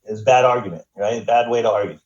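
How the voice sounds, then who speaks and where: An American man, a guest on a podcast, tells stories loosely and profanely, rambling and stumbling over restarts. His lowish voice, described as mid-range, is fast and a little mellow. The echoey room leaves the audio somewhat muffled and dull.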